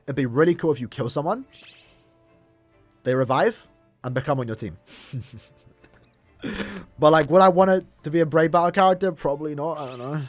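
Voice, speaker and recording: A man's voice: fairly high pitch, brisk, long pauses, dry recording, faint music behind. A young man casually chatting to his viewers while playing a mobile game, rambling and restarting his sentences. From Ireland. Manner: rambling, restarts often, talks to chat. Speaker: streamer. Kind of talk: casual gaming livestream chat.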